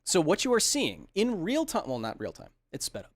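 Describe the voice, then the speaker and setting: A man's voice: sits high, wildly swooping pitch, fairly quick, dry recording, clean studio sound. A man hosting a science podcast, chatting casually and joking while answering viewer comments. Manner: enthusiastic, jokey, reads chat comments aloud. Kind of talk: casual livestream Q&A.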